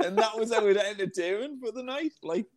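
A man in his thirties tells rowdy stories with a fairly high voice that swoops up and down constantly. He swears a lot and sounds incredulous at everything, his delivery bouncing with energy. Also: brisk. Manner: animated, sweary, incredulous storyteller. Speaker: podcast co-host. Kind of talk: casual chat.

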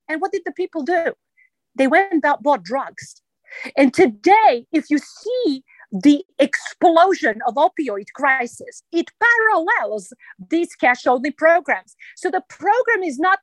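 A woman's voice: high voice, big pitch swings, a little slow, no echo, rough recording. A woman with a Serbian accent, speaking emphatically and passionately as a guest in a radio interview.

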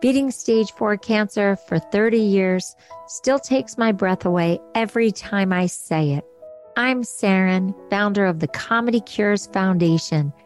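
A woman's voice: mid-range voice, a little mellow. A woman hosting a casual podcast, chatty and upbeat, laughing easily as she talks. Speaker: podcast host.

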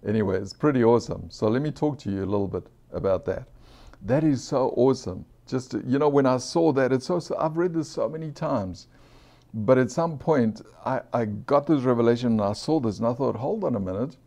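A man's voice: medium pitch, expressive, brisk, mellow. A man preaching an informal sermon, earnest and conversational, repeating phrases for emphasis and asking his listeners questions.

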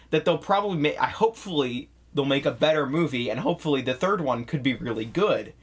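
A person in a casual chat, excitably and animatedly retelling a film's plot, prone to erupting into shrieking laughter. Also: mid-range voice, a little fast, few pauses. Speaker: movie reviewer.

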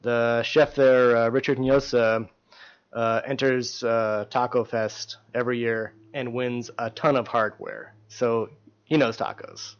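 Relaxed male food blogger guest. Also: medium pitch, takes it slowly, smooth. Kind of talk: casual interview chat. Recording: dull lo-fi podcast audio.

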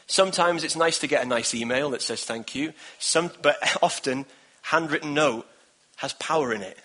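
A man's voice: on the high side, moderate pace, bright, forceful tone. A man in his thirties preaching a sermon in an earnest, encouraging way, with repeated phrases. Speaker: pastor.

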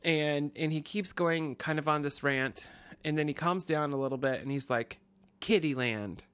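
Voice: medium pitch, steady tone, normal speed, a bit bright, clear, resonant tone, dry recording. A podcast co-host telling a long story in casual chat, rambling with restarts. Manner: rambling, many fillers and restarts.

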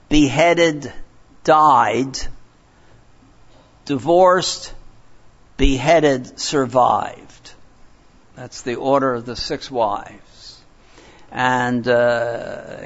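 An older man from Philadelphia preaching a sermon, telling stories in a rambling, digressive way with many fillers and restarts. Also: mid-range voice. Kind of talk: sermon with storytelling. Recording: dull lo-fi recording.

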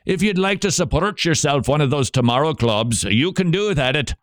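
A man hosting a talk radio show, speaking in a conversational monologue with quick asides and self-corrections. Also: on the high side, expressive, no echo, clean studio sound.

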